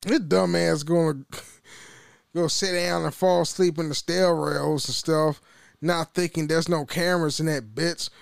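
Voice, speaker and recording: A man's voice: fairly high pitch, fairly even intonation, a little slow, gravelly, no room sound, studio quality. A young man hosting a solo podcast, rambling and swearing casually, with frequent laughs and restarts. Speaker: podcast host.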